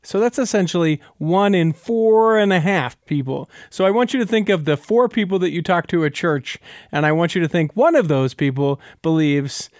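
A man's voice: sits high, expressive, normal speed, darkish tone, no echo. Dry-voiced talkative male podcast host. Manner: talks things through step by step, with many filler words. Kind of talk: casual podcast chat.

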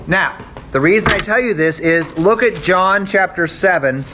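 A man giving a relaxed Bible lesson, talking conversationally and pausing to check in with his class. His voice sits a little high for a man. Faint background noise lies under his speech. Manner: conversational, checks in with "okay?" and "right?". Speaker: Bible teacher. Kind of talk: casual classroom lecture.

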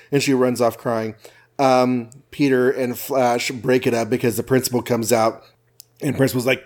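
A man's voice: medium pitch, little pitch movement, brisk, darkish tone. A man co-hosting a podcast, rambling jokily through a comic book recap with lots of fillers. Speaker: podcast co-host.

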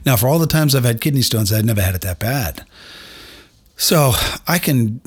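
A man's voice: mid-range voice, lively intonation, moderate pace, breathy edge. A middle-aged man hosting a podcast, telling a personal story in a candid, self-deprecating way and speaking straight to his listeners. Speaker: podcast host.

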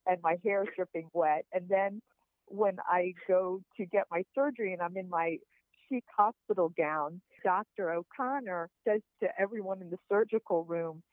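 A podcast guest calls in and tells personal stories, sounding sincere, warm and encouraging. She has a lowish voice and speaks at a normal pace, and the audio is dry, echo-free and tinny like a phone line.

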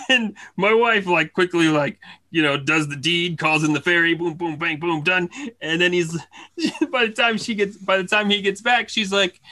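Bright male storyteller, animated and laughing, casual podcast chat. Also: high voice, normal speed. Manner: animated, laughing often, acts out family voices.

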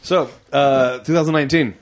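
A man's voice: a little high, steady tone, normal speed. Laid-back male co-host. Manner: laid-back, reacts with short interjections. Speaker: podcast co-host. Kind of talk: casual chat.

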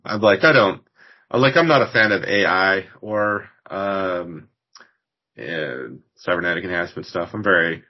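Heard through a muffled recording, this man from Washington, United States has a low voice at normal speed. As a podcast host in a casual interview chat, he rambles slightly and leans on plenty of fillers.

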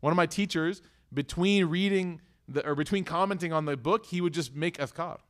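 A man's voice: fairly high pitch, brisk. A young man teaching a religious lesson in a casual, conversational way, acting out little dialogues as he tells stories. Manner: conversational, acts out dialogues in storytelling. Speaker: Islamic teacher. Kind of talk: religious talk.

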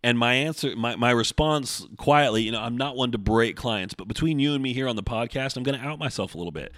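A man's voice: medium pitch, quick pace, few pauses, a bit bright, no room sound, clean studio sound. A man hosting a solo fitness podcast from his home desk, speaking conversationally and working through explanations with analogies, sometimes swearing when annoyed. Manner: conversational, explains with a traffic-cop analogy, flares into mild swearing. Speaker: podcast host. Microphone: desk microphone.

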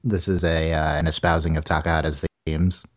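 A man co-hosting a casual movie review chat, talking haltingly with dry humor and frequent laughs. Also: rumbling low, level tone. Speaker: podcast co-host reviewing a movie.

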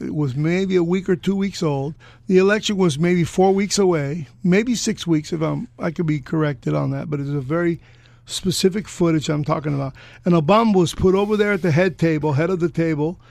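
An older man co-hosting a political chat, arguing sarcastically and pausing with "uh" as he searches for names. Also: on the high side, creaky, darkish tone, no room sound. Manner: argumentative, sarcastic, with halting "uh" pauses. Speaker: podcast co-host.

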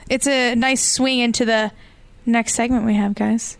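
High-voiced playful woman co-host. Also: steady tone, creaky, dry recording. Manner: playful, quick to laugh. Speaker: podcast co-host. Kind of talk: casual chat.

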